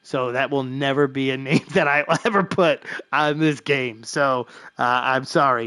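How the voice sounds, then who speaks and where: A man's voice: mid-range voice, normal speed, pushed and bright, no echo. A man hosting a live stream of a baseball franchise game, talking loosely with lots of fillers and little chuckles. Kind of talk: casual live-stream commentary.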